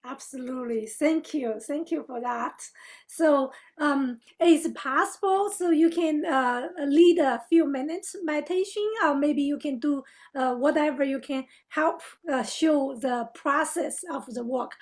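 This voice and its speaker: A woman hosting a podcast interview, speaking in halting phrasing with fillers and some non-native grammar. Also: sits high, darkish tone. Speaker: podcast host. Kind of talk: casual interview chat.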